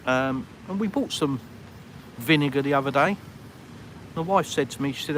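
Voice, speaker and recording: Out on a busy town street, this British man rambles self-deprecatingly to the people watching his live walking vlog. He speaks at a moderate pace with frequent pauses, his medium-pitched voice expressive and a bit bright, with faint hiss or hum in the audio.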